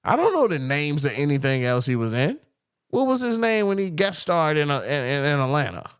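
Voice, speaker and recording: Animated, argumentative podcast co-host man. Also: on the high side, fairly quick, clean tone, dry recording, studio quality. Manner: heated, animated, profane, reads quotes in mock voices. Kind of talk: casual argumentative chat.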